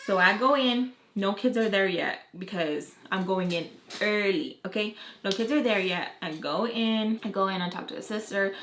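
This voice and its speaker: A young woman vlogger telling a casual story in an animated, profane, rambling way. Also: medium pitch, normal speed, hardly any pauses. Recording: echoey room, faint noise.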